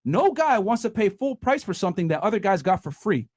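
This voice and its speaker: A man's voice: high voice, big pitch swings, brisk, a little mellow, no echo, clean studio sound. A man hosting a heated panel debate, blunt and profane, talking over the women around him. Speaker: podcast host.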